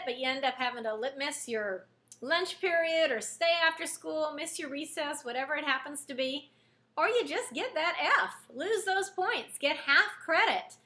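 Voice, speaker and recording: Bright high-voiced woman counselor. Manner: earnest, explains with everyday examples. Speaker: school counselor. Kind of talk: classroom lesson to students.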